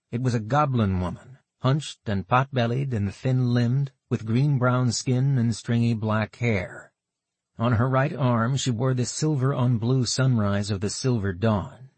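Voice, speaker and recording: A man reading a fantasy novel aloud as narrator, steady and measured. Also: fairly low pitch, breathy edge, no room sound. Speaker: audiobook narrator.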